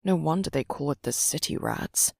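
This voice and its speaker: A woman's voice: low-pitched, lively intonation, moderate pace, gravelly, darkish tone, breathy edge, no room sound, clean studio sound, heavily acted. A woman voicing a desperate, anxious young man with strained, frantic cries in an audiobook. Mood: muttering.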